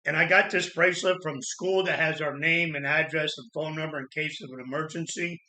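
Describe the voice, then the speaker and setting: A man from Florida telling his own life story in a halting, earnest way, with pauses and restarts. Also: a little high, fairly even intonation, sharp tone. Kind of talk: personal storytelling monologue. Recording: echoey room.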